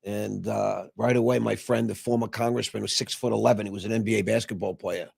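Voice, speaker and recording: A man hosting a show, telling a personal story in a rambling way with many filler pauses. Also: on the low side, steady tone, vocal fry, darkish tone, slightly rough, dry recording, studio quality. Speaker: show host. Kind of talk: casual storytelling.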